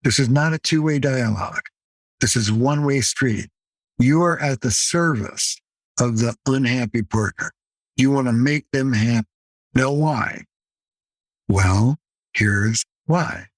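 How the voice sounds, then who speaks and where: A man's voice: mid-range voice, unhurried, dry recording. Older male therapist guest, punchy and emphatic, dry close sound. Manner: emphatic, punchy, playful asides. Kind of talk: podcast interview.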